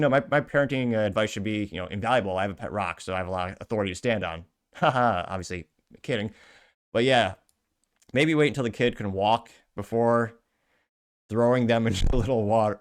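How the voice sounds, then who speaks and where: A man hosting a commentary show, reading out social media comments with dry, sarcastic jokes and self-deprecating asides. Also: on the low side. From Cuban heritage. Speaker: show host.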